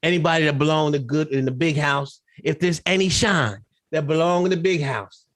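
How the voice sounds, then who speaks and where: A man's voice: fairly high pitch, moderate pace, fairly bright tone, natural voice. A man putting on a fawning servant pleading. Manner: pleading, obsequious. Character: fawning adult male servant pleading to master.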